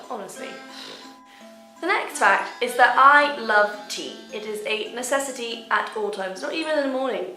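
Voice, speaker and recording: A woman's voice: a little high, sharp tone. A young woman from Hawaii chatting casually to camera in a bubbly, self-mocking way. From Hawaii, USA. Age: young adult. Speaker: vlogger. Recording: roomy echo with faint music.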